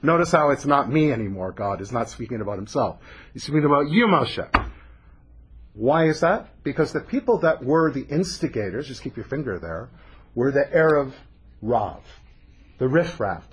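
A man's voice: on the high side, husky. A man teaching a Torah text-study class, explaining animatedly and dropping Hebrew terms into his English.

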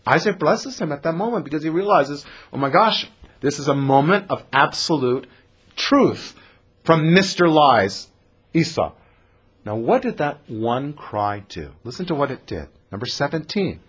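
A rabbi teaches a Torah class to a group in an animated lecture, telling the scripture story with acted-out character lines and quizzing the listeners. His male voice is a little high and sing-song with a breathy edge. He speaks at normal speed.

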